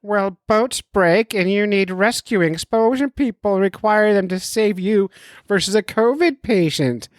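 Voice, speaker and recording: A man's voice: sits high, unhurried, no echo, clean studio sound, pitched above the performer's own voice. A man doing the voice of an overworked doctor friend, who lectures in a curt, strained way. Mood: lecturing. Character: overworked male doctor, blunt and preachy. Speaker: impression of a doctor friend read from messages. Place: home basement.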